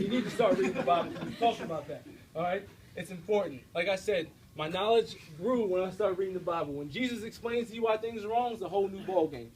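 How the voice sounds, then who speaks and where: A young man with a high voice delivers a live faith talk to a student audience in a university room. He speaks with direct, preachy energy and keeps checking in with the crowd. A faint room hum sits behind him. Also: rough recording. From United States.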